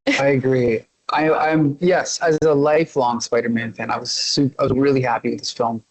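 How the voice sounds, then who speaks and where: A middle-aged man runs a casual podcast chat, upbeat and steering the talk. His voice sits at an ordinary middle pitch. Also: steady tone, moderate pace, poor audio. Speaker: podcast host.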